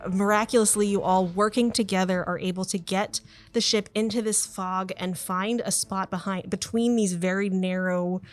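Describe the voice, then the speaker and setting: A woman running a tabletop role-playing game as game master, narrating in a relaxed, chatty way with giggles. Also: mid-range voice, moderate pace, faint music behind.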